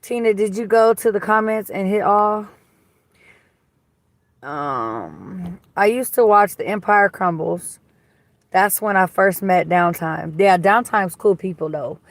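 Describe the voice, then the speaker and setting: A woman chats her way through a livestream from a car, talking into a phone at a middle pitch. She is blunt and gossipy, swears freely and answers viewer comments as they come in. The sound is dry and close, with no room echo. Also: animated, slow pace. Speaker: livestream host. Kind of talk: casual live-stream chat reading comments. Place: inside a car.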